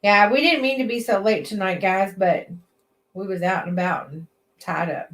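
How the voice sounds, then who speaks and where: A woman co-hosts a late-night livestream from a metal shop. Her voice sits at a middle pitch, and she chats easily while reading viewer comments aloud. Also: moderate pace, a bit bright. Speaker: livestream co-host.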